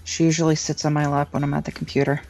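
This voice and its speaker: A woman with a notably low voice chats as co-host of an online show. She talks bluntly and wryly, with a complaining streak. Faint music runs behind her. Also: little pitch movement, fast talker, gravelly, a little mellow. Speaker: podcast co-host. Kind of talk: casual chat.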